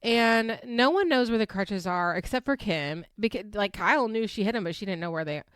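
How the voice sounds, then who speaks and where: A woman with a medium-pitched, smooth voice talks a little fast as she recaps a reality show on her podcast. She chats casually, laughs often, and acts out quotes in shifted voices. The recording is studio quality, with no room sound.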